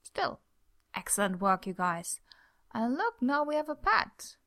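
A woman's voice: fairly high pitch, sing-song, a little slow, pushed and bright, exaggerated voice. A woman voicing a teasing, flirtatious man. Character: charming, teasing grown man team leader.

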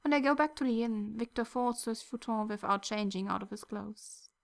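Gentle woman reading a story aloud. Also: fairly high pitch, fairly quick, vocal fry. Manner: soft, gentle storytelling, dropping to near-whispers. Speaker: narrator. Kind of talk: audiobook reading of fan fiction.

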